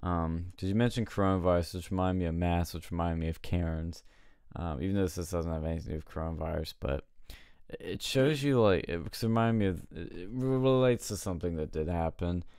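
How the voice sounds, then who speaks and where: Male co-host, lowish smooth voice, dry close sound, animated storyteller. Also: a little fast, no room sound. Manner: animated storytelling, laughing, mimicking people. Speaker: podcast co-host. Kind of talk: casual chat.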